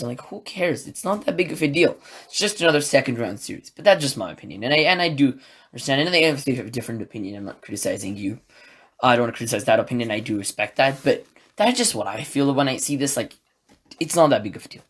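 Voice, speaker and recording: A man hosting a solo sports podcast, recapping a game in an excitable, rambling way and acting out his own reactions. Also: mid-range voice. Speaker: podcast host.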